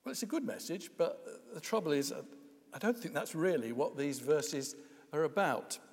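A man's voice: fairly high pitch, very animated, moderate pace, long reverb tail. A man preaching a sermon in a wry, conversational way, with frequent hesitations and asides.

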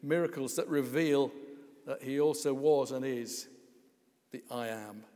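A man preaches a sermon in a relaxed, conversational way, dropping in wry asides and small hesitations. His voice sits at an ordinary pitch. A long reverb trails each phrase, as in a large church hall. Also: unhurried.

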